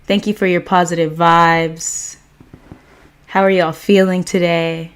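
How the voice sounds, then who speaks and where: A woman hosting a spiritual livestream, greeting viewers by name and guiding a meditation with calm, gentle affirmations. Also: lowish voice, slow, clean tone. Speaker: livestream host and meditation guide. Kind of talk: casual livestream chat and guided meditation.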